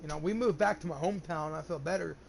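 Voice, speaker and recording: A man's voice: a little high, quick pace, gravelly, slight background noise. A young man telling a long personal story in casual chat, rambling and swearing often, with lots of restarts. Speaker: gamer streamer.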